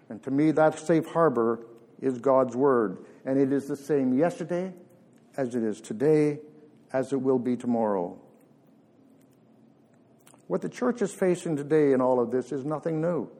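Male preacher, warm low-toned voice, earnest measured sermon delivery in a church. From Canada.

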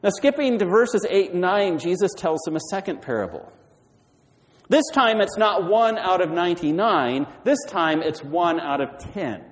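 A man's voice: sits high, lively intonation, moderate pace, big-room sound, low-quality recording. A man preaching a sermon, retelling a story and putting questions to the congregation. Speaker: pastor.

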